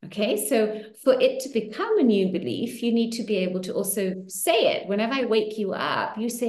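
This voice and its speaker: A woman hosting an online circle, coaching listeners warmly through affirmations with animated, encouraging delivery. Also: fairly high pitch, fairly quick, hardly any pauses, reverberant. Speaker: host of a women's money circle. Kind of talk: coaching talk to an online group.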